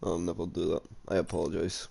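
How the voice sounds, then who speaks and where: A man's voice: deep voice, level tone, quick pace, gravelly, mellow, slight background noise. A man, commentating a sim racing league stream in a casual, jokey way, reading out chat comments and calling the grid. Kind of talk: casual live race commentary.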